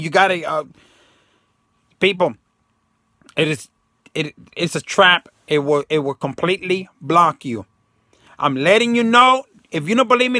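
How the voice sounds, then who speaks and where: Emphatic high-voiced man, rambling monologue. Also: bright, forceful tone, dry recording, studio quality. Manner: emphatic, rambling, slangy, acts out quotes. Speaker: self-help video host. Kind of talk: casual monologue to camera.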